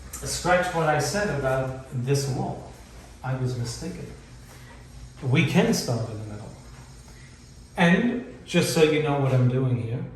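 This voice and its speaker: A man with a mid-range, darkish voice patiently teaches beginners to hang wallpaper, explaining each step and repeating key points while demonstrating on a wall in an indoor room. The recording is very echoey, his voice sounds far off, and there's faint ambience with slight background noise.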